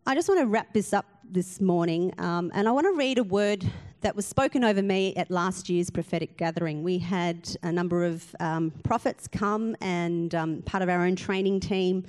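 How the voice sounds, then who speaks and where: A woman's voice: fairly low pitch, normal speed, few pauses, darkish tone. A woman pastor, giving an earnest sermon full of rhetorical questions and emphatic repetition.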